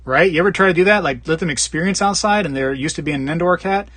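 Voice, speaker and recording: A man's voice: fast talker, a bit bright, no echo. A man hosting a live stream, casually rambling and joking as he reads viewer comments. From Florida. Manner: rambling, jokey, puts on squeaky voices for bits. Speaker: live stream host reading chat.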